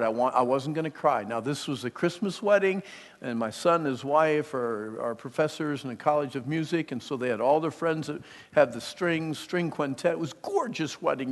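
A middle-aged man preaching a sermon, emphatic, moving from hushed, intimate lines to loud bursts, with storytelling asides. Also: fairly high pitch, lively intonation, brisk, long reverb tail. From Pennsylvania.

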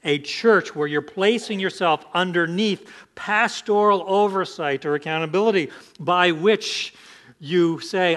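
Man, pastor, emphatic sermon, rhetorical questions, slightly high voice. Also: measured pace, a bit bright.

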